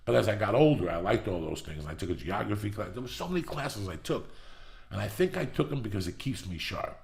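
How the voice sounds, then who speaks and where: A middle-aged man hosting a podcast, telling a long story with constant swearing and rising excitement. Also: fairly low pitch, fairly quick, vocal fry, reverberant. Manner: profane, animated storytelling. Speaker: podcast host. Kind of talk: storytelling monologue.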